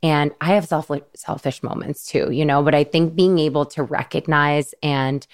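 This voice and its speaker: Low-voiced woman host, earnest storyteller. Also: fairly even intonation, normal speed. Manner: emotional, earnest storytelling with quoted dialogue. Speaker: podcast host. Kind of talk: casual podcast chat.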